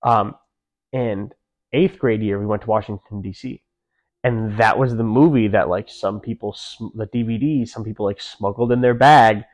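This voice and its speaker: A man's voice: fairly low pitch, normal speed, darkish tone. A man in his twenties, a podcast guest, chatting casually and loosely, swearing freely and saying "like" and "dude" a lot. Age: 20s. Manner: laid-back, swears freely, lots of "like" and "dude". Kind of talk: casual chat.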